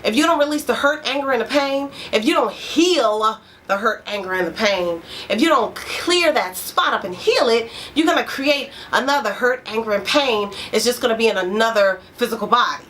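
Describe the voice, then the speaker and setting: A middle-aged woman therapist speaks to her program members with a somewhat high, frank and emphatic voice. She drives home her points by repeating them. A faint hiss sits under the recording. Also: expressive, moderate pace, hardly any pauses, a bit bright. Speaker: therapist and life coach. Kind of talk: motivational talk to program members.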